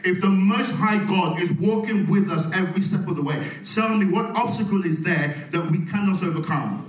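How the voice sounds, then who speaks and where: A man preaching a sermon, calling out to the congregation and swinging between loud, rising passages and soft, quiet ones. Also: high voice, normal speed. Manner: call-and-response preaching, swelling loud then dropping soft. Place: church. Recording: echoey church hall, mic at a distance.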